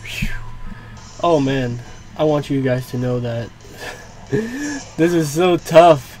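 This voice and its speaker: This young man's voice is a little high and a little mellow, with lively intonation, and he takes it slowly. A gaming YouTuber, he gives reactive live commentary on his gameplay, swearing and groaning in frustration at setbacks as faint game music plays.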